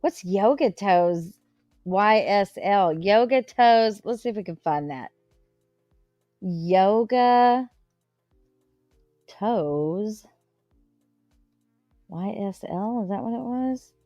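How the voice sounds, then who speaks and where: A woman hosting a reaction livestream, making slow, puzzled asides between clips. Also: mid-range voice, animated, a little mellow, no echo, highs cut off, faint music behind.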